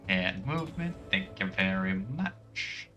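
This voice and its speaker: A man streams his gameplay in a rambling, casual way, filling his talk with "like" as he drifts between tangents. His voice is on the low side but bright and forceful. Faint music plays behind him. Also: expressive, slow pace. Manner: rambling and tangent-prone, heavy use of "like".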